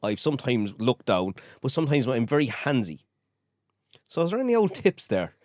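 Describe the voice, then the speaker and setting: A man's voice: mid-range voice, moderate pace, dry recording, studio quality. Carlow irish guy hosting a podcast, chatty, voice jumps up and down a lot. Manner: lively, chatty, laughs easily. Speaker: podcast host. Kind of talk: casual podcast interview.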